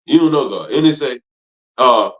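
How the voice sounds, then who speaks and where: A man preaching hard in a teaching class, repeating himself, cursing, and swinging from loud outbursts down to low mutters. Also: animated, normal speed. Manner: emphatic, repetitive, profane, swings from loud to low. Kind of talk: fiery preaching lecture. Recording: dull lo-fi recording.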